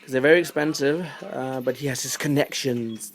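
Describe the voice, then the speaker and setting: A man casually explaining a hobby craft step by step, then chatting about his day in a relaxed vlog. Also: mid-range voice, moderate pace. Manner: easygoing, explains step by step with fillers. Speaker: fingerboard vlogger. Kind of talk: casual tutorial and daily vlog chat.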